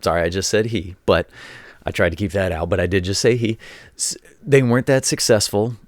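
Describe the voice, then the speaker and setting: A man with a lowish voice talks fairly quickly while hosting his show, recalling casual sports stories as a former college coach. It's a rambling commentary monologue full of repeated words and acted-out quotes, recorded in clean studio sound with no room sound.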